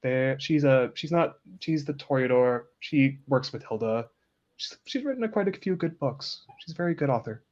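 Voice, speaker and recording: A man's voice: mid-range voice, animated, normal speed, a little mellow, lightly acted. A man voicing a fussy, motherly woman vampire who chats in a slightly flustered way in a tabletop game. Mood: chatty. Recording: dull lo-fi sound.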